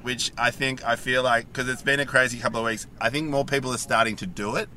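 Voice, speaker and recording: A man's voice: medium pitch, steady tone, fast, bright, forceful tone, slight background noise. A man co-hosting a podcast in casual chat, talking keenly and laughing easily. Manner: enthusiastic, loves awkward moments, laughs easily. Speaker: podcast co-host.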